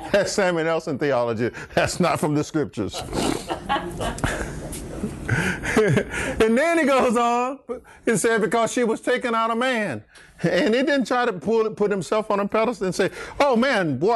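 Playful high-voiced man teaching Bible study. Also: unhurried. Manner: joking, teasing listeners, laughing often. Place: church.

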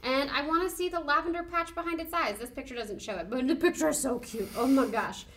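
A woman co-hosting a casual podcast chat, gushing and excitable, often giggling. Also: sits high, fast, slight background noise. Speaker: podcast co-host.

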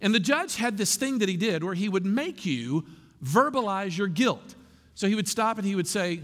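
A man preaching a sermon as pastor, animated and conversational with asides to the congregation. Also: high voice, normal speed, in a large hall.

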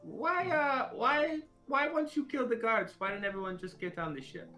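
A man's voice: very high-pitched, moderate pace, bright, forceful tone, faint music behind. A man playing a tabletop game who questions the others with a sarcastic edge. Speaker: player. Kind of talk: casual tabletop play.

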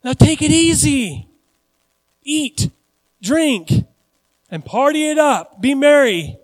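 Man doing a self-satisfied rich farmer, higher voice, loud, long church reverb. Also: animated, takes it slowly, full character voice. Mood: smug. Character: smug rich man, boastful grown farmer.

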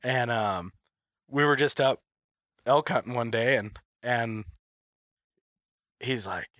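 A man in casual conversation, rambling loosely and leaning on "like" as he goes. His voice sits at an ordinary middle pitch. The recording is dry and close, with no room sound. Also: slow pace, a bit bright, no room sound. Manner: rambling, heavy use of "like", laughs often. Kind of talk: casual chat.

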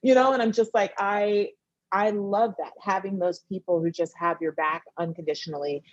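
A woman's voice: medium pitch, fairly even intonation, normal speed, no echo, muffled recording. A woman television writer and producer chatting as a guest in an interview, telling stories animatedly and acting out what her friends say. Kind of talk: casual interview chat.

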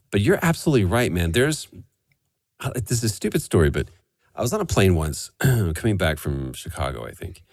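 Man, 40s, deep and very expressive, dry close mic, casual podcast guest telling animated anecdotes. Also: fairly quick, no echo. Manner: animated storyteller, swearing freely. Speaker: voice actor guest.

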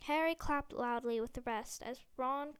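A woman reads a storybook aloud in a steady, gentle way, now and then catching a small slip. Her voice is high and rings smooth and clear. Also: moderate pace. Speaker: audiobook reader. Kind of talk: storybook narration.

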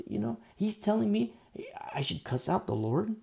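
A man preaching a sermon in an emphatic, conversational way, swinging from loud bursts to hushed asides. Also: sits high, sing-song, a little fast, vocal fry.

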